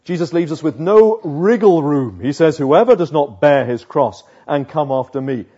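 A man preaching a sermon, slow and emphatic, with dramatic pauses between phrases. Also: on the high side, animated, dark tone, slightly rough, lo-fi sound.

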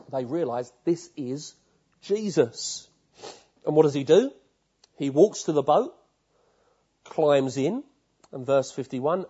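A man's voice: fairly high pitch, a little mellow, slightly rough, highs cut off. A man preaching a sermon, telling stories vividly and putting questions straight to his listeners.

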